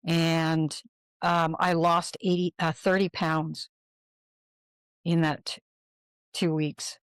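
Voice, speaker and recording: A woman's voice: low voice, extremely slow, clear, resonant tone, no room sound. Older woman telling her story, dry sound. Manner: animated storyteller, acts out quoted dialogue. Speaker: guest. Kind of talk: personal storytelling in a podcast interview.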